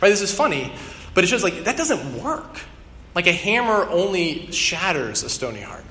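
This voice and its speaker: A man's voice: high voice, big pitch swings, normal speed, sharp tone. A young adult man preaching a conversational sermon with casual ums and restarts. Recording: long hall reverb, faint room noise.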